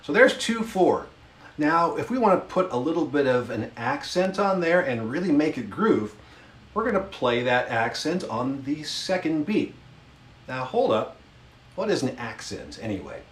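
Time signatures are the topic as a man with a high, very animated voice instructs beginners in music, demonstrating as he goes. He strums and counts the beats at a slow, patient pace, and the recording has a roomy sound with the instrument audible.

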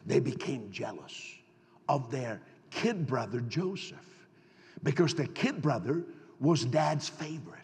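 A man's voice: mid-range voice, lively intonation, slow, a little mellow. A man preaching a storytelling sermon, folksy and full of stammering restarts, asking his congregation rhetorical questions. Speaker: pastor. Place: church sanctuary. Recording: long hall reverb.

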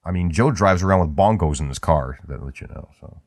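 A man with a fairly low voice that moves up and down a lot keeps up loose podcast banter. He jokes and rambles, filling pauses with ums. The sound is dry and close. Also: lively intonation, dry recording. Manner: joking, rambling with many fillers. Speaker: podcast co-host.

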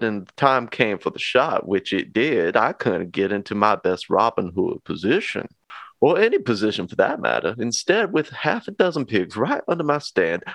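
A man's voice: fairly low pitch, gravelly, a bit bright, dry recording, exaggerated voice. A man voicing a Louisiana hog hunter with a put-on Cajun accent, telling a folksy story about a hunting mishap.

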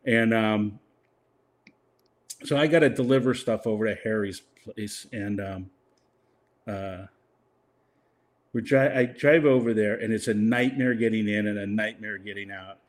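A man's voice: lowish voice, measured pace, long pauses. Older man telling a rambling story. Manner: rambling, laughing often, quoting others in a put-on voice. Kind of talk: casual anecdote.

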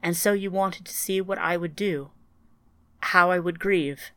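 A woman's voice: on the low side, unhurried, fairly bright tone, dry recording. A woman playing a grieving older woman with grandchildren, speaking in an earnest, strained, searching way in an audiobook. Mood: resolute.

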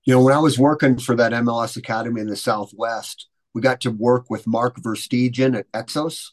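A man's voice: medium pitch, fairly even intonation, fairly quick. A man, a youth soccer coach, speaking in an earnest, thoughtful way as a guest in a casual chat.

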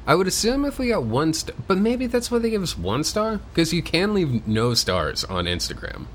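A man's voice: fairly high pitch, moderate pace, slight background noise. A man co-hosting a podcast in casual, playful chat. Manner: animated, playful, jumps into voices. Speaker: podcast co-host.

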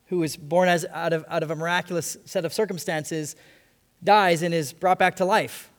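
Male pastor, slightly higher voice, earnest sermon delivery in a church with long reverb. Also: steady tone. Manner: earnest, repeats phrases for emphasis, slows on key lines.

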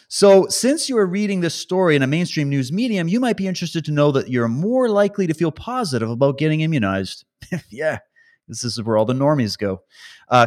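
A man from Canada hosting a podcast, reading a news article aloud and ranting over it in a sarcastic, mocking way. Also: medium pitch. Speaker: podcast host.

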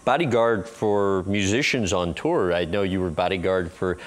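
A male interviewer who recaps his guest's past in measured sentences before asking his questions. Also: deep voice.

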